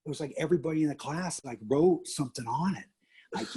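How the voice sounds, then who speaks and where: Husky middle-aged guy telling wild teacher stories, jumps way up in pitch when he does other people. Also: fast talker. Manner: animated, acts out quotes with big pitch jumps. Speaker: teacher and coach, guest. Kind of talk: casual storytelling interview.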